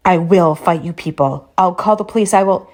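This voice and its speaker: A woman plays a scared but defiant young man, loud and swearing as he lashes out. The voice is dark and gravelly with a husky grain. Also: fairly low pitch, moderate pace. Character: frightened, furious young man lashing out.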